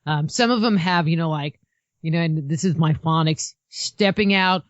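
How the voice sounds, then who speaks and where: A woman's voice: low voice, moderate pace, dry recording. A woman guest on a podcast, talking casually in a rambling way full of "you know". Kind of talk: casual chat. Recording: muffled lo-fi dry sound.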